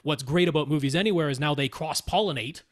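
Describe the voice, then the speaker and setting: A man from Canada with a fairly high voice, co-hosting a casual podcast. He walks through technical details at length and laughs now and then as he talks. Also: fast talker. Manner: explanatory, technical, laughs often. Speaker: podcast co-host.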